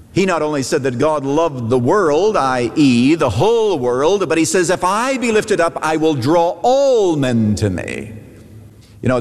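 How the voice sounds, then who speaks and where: Emphatic man preaching in a reverberant hall. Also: medium pitch. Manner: emphatic preaching with rising repeated phrases. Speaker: pastor. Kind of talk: sermon. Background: long hall reverb.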